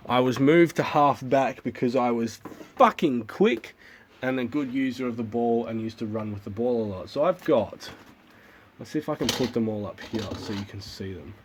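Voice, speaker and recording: Australian man, livestream host, casual chat, repeats words, swears freely, medium pitch. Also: normal speed, slight background noise. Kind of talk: casual chat and joke telling.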